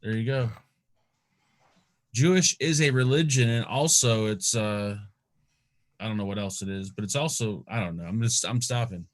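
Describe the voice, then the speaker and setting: A man's voice: on the low side, moderate pace, long pauses. A man co-hosting a live online show, bantering in a playful, joking way. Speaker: co-host. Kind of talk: casual live-stream banter.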